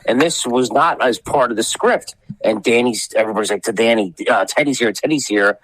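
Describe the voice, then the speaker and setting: A man's voice: mid-range voice, animated, a little fast, fairly bright tone, slight background noise, rough recording. A man telling wrestling backstage stories on a podcast, rambling and acting out the people he quotes, with some swearing. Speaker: wrestling promoter guest. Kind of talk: casual podcast storytelling.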